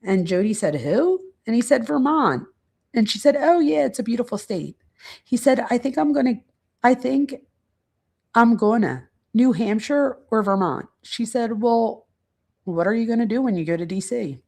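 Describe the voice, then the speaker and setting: A woman hosting a true crime channel, casually reading out quotes and commenting, pausing now and then to search her notes. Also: fairly high pitch, animated, a little mellow.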